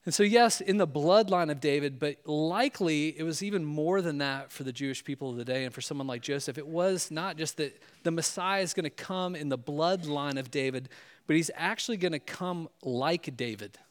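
A man's voice: fairly high pitch, moderate pace. A male pastor giving a sermon in a loose, conversational way, often checking in with "right?".

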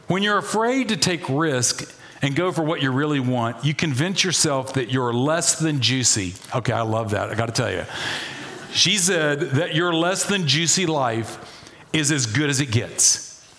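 A middle-aged man preaching a sermon as pastor, folksy and animated, with playful asides and humor. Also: medium pitch, a little slow.

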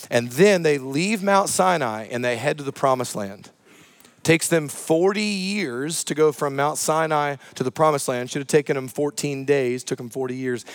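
A man preaching a sermon as pastor, telling a Bible story in a conversational, animated way with casual asides. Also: fairly high pitch.

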